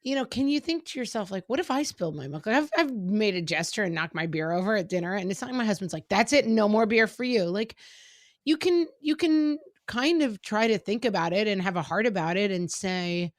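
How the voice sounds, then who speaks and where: A woman's voice: medium pitch, expressive, brisk, no echo, clean studio sound. A middle-aged woman co-hosting a parenting podcast in casual chat, often acting out exchanges with her kids. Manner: chatty, acts out quoted exchanges with her kids. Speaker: podcast co-host.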